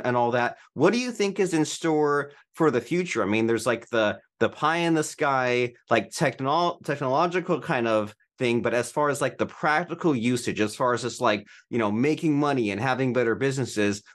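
A man hosting a podcast, talking casually with lots of "like" fillers. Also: medium pitch. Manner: loose, with frequent "like" fillers. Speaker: podcast host.

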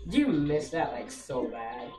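A woman's voice: low-pitched, very animated, slow pace. A woman gaming with a friend, teasing, swearing and laughing as she plays. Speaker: gamer. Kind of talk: casual banter while playing a video game. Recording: echoey room from far off with music.

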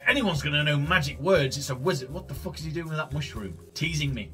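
Casting: male gaming host, profane and jokey, bright lively voice, light music behind. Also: on the high side, fast talker, few pauses. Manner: profane, joking, laid-back. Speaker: gaming streamer. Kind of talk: let's play commentary.

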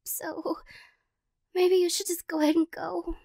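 Very high-voiced woman in whispered role-play. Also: flat delivery, a little slow, creaky, no room sound, clean studio sound. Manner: soft, rambling, self-conscious and emotional. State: teary after crying. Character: tearful ex-girlfriend woman, lovesick and flustered. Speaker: ASMR role-play performer.

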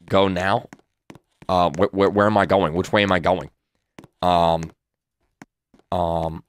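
Deep-voiced and slow, a gaming YouTuber comments on a horror game in a let's play, muttering nervously, repeating himself, and leaving long pauses. His pitch barely moves.

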